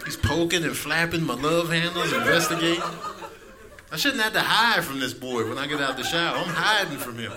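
Lively high-voiced male comic. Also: a little fast, a loud crowd. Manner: storytelling, self-mocking. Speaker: stand-up comedian. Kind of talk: stand-up set.

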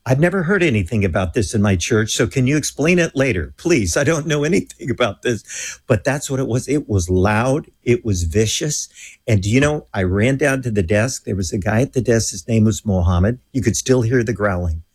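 A man being interviewed as a guest, telling a lively story and acting out the voices of the people in it. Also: medium pitch, normal speed, slightly rough. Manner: animated storyteller who acts out quoted voices.

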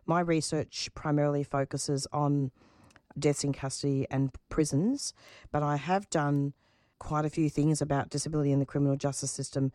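Australian woman, low pitch, earnest and passionate radio guest, dry studio sound. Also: mellow, no room sound. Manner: earnest, passionate, repeats words as she searches. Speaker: community radio producer and host. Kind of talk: radio interview, personal and reflective.

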